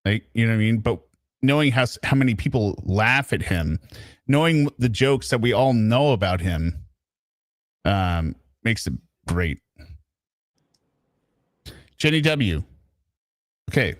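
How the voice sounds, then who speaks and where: A man's voice: lowish voice, expressive, measured pace, long pauses, no room sound, clean studio sound. A man hosting a live stream, chatting casually and often tagging his points with "right?". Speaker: stream host.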